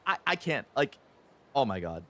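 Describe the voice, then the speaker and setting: A man's voice: mid-range voice, very animated, moderate pace, pushed and bright. A man in his twenties streaming a game, ranting heatedly and with plenty of swearing about the gaming industry and mocking companies in sarcastic voices. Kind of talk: ranting live-stream chat.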